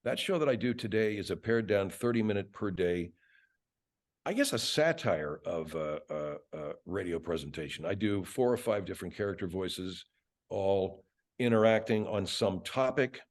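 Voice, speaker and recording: An older man, a radio host and voice actor, chatting as a guest with animated, profane, laughing storytelling. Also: low-pitched, normal speed. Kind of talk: casual interview chat.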